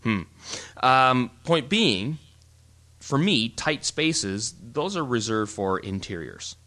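A man co-hosting a casual photography podcast, explaining in an animated, rambling way with frequent restarts. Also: medium pitch, slow pace. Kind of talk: casual chat.

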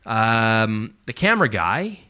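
Canadian male podcast host, lowish voice, casual and rambling. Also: very animated, takes it slowly, sharp tone. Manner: rambling, with many restarts and fillers. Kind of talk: casual chat.

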